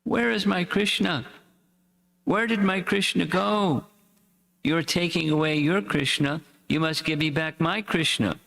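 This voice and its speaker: A man's voice: unhurried, gravelly. A man voicing a distraught, pleading mother. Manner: tearful, imploring, pitch lifted when crying out. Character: distraught pleading mother, middle-aged woman. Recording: echoey hall reverb.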